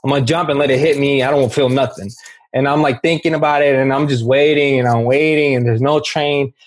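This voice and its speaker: A man's voice: medium pitch, fairly even intonation, brisk. A man sharing his personal recovery story in candid, emphatic talk. He often says "bro" and restarts his sentences.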